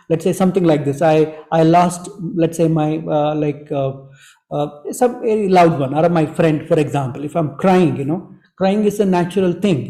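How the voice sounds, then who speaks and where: A man, teaching breathwork to an online group in a gentle, repetitive way that leans on "you know". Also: on the high side, roomy sound, low-quality recording. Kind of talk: online group workshop talk.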